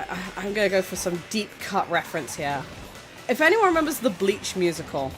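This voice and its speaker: A woman's voice: a little high, fairly bright tone. A woman streamer chatting casually, rambling and giggling, with frequent stammering restarts. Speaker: VTuber streamer. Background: faint background music.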